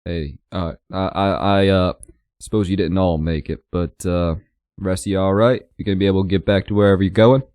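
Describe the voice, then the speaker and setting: A man's voice: sits low, steady tone, brisk, a little mellow, no room sound, studio quality. A man playing a tabletop game, talking in a loose, joking, slangy way. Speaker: player. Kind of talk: casual tabletop play.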